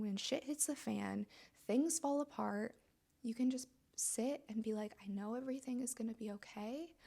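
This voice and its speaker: A woman's voice: fairly high pitch, creaky, warm tone. A woman hosting a podcast, speaking in a chatty, emphatic, motivational monologue and filling her sentences with "like.". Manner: chatty, emphatic, heavy use of "like". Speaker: podcast host.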